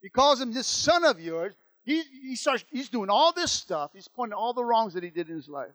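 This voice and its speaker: A man's voice: very high-pitched, big pitch swings, moderate pace, fairly bright tone, no room sound. A man preaching a sermon as pastor, repeating lines and calling out to the church. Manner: preaching with call-outs and repetition.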